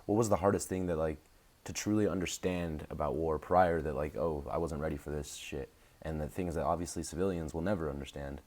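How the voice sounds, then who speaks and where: A man hosting a podcast, laid-back and slangy, quick to agree with his guest. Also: a bass voice, steady tone, a little mellow. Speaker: podcast host. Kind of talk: casual interview.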